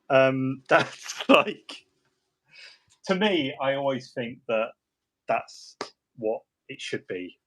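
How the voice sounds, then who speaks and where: Here the man's pitch is medium and his tone slightly bright, animated yet very slow. He's a hobby streamer painting models at his desk, joking and wandering off topic, often restarting and adding asides.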